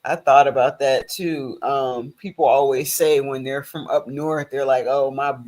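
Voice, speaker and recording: A man in a casual chat, relaxed and agreeable, often answering with short affirmations. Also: medium pitch, measured pace.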